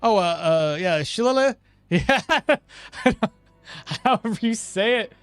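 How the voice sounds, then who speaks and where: Male streamer, slightly high and lively delivery, relaxed talk-through of his own play with frequent chuckles. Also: takes it slowly, clean tone, no room sound, soft background music. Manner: thinks aloud, chuckles often, answers chat. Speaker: streamer playing a game. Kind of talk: casual gameplay commentary.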